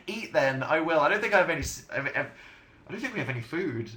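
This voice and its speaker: A young Englishman hosts a casual livestream, answering chat questions in a rambling, self-mocking, chatty way with frequent laughs. His slightly high voice swoops wildly in pitch at a quick pace with a fairly bright tone, over slight background noise and roomy home webcam sound.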